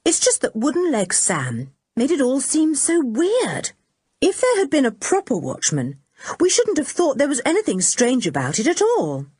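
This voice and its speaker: A woman's voice: high voice, huge pitch swings, moderate pace, darkish tone, no room sound, clean studio sound, voice pushed up. A woman voicing a sensible, easygoing teenage boy who sounds comforting and matter-of-fact in a storybook reading.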